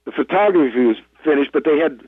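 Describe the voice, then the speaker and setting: A man's voice: on the high side, lively intonation, quick pace, husky, dry recording. A man, an actor guest, telling rambling, self-deprecating stories in a casual interview over the phone. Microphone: telephone. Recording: tinny dry phone line.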